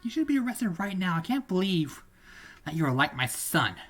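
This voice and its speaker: Guy doing a high screechy karen mom, loud and scolding, bit husky. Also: sing-song, moderate pace, soft background music, full character voice. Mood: shrill scolding. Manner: shrieking, scolding. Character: shrill furious entitled middle-aged mother.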